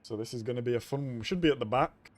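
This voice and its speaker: A man's voice: mid-range voice, racing. A man streaming a racing game live, talking casually as he reacts to the race.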